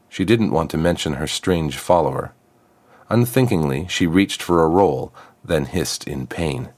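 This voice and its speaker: Deep-voiced man narrating a fantasy tale. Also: lively intonation, a little slow, darkish tone, no echo.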